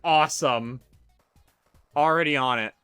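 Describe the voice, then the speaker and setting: A man's voice: a little high, measured pace, smooth, faint music behind. A man streaming a game, chatting casually and jokingly, breaking off mid-sentence and restarting. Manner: jokey, excitable, trails off mid-sentence. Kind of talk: casual live-stream commentary.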